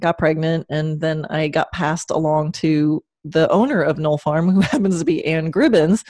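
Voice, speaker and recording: Lady with a slight long island accent, low voice, dry close sound, chatty and laughs a lot. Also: moderate pace, dark tone, no echo. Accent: mild Long Island New York. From Long Island, New York. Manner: chatty storyteller, laughs often. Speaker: dressage trainer, guest. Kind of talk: casual interview chat.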